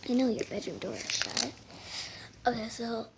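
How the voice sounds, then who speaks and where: A woman's voice: a little high, normal speed, very noisy. A young female vlogger chatting casually to the camera at home, giggly and full of fillers. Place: bedroom at night.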